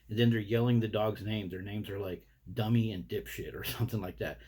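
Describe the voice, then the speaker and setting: Husky, dark-voiced man ranting bluntly. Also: on the low side, fairly even intonation, a little fast, hardly any pauses. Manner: blunt, indignant, heavy swearing. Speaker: vlogger. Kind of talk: profane rant to camera.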